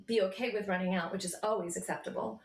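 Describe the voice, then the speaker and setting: A woman teaching a choir vocal warm-up, reassuring singers as she explains each exercise. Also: medium pitch, quick pace, roomy sound, slight background noise. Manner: relaxed, reassuring coaching with sung demonstrations.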